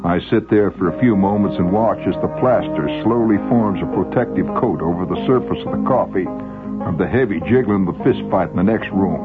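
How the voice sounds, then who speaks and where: A man's voice: deep voice, brisk, narrow, tinny audio, loud music behind the voice. A man telling a first-person story in a wry, vivid way.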